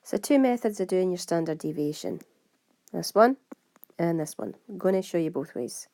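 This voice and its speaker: A Scottish woman teaches maths, walking through exam answers one step at a time and speaking straight to her students. Her voice sits a little low and sounds mellow. The recording is dry and close. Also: animated, no echo. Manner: brisk, step-by-step, talks to students directly. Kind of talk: exam walkthrough lesson.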